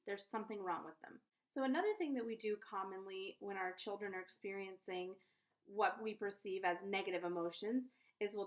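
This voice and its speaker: Woman talking to camera about parenting, earnest and chatty, keeps checking in with whoever's watching, mid-pitched voice. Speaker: conscious parenting coach. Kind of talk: casual advice vlog to camera.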